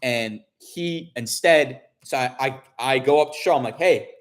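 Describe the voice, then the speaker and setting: A man's voice: medium pitch, a little slow. A man vlogger telling a story in casual chat, rambling with many restarts and fillers, and swearing when upset.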